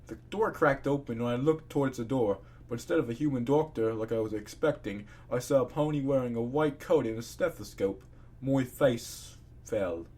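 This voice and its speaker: A man reading fan fiction aloud in a casual, expressive way, breaking off into ranting asides. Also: medium pitch, moderate pace. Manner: expressive, swings between narration and ranting asides.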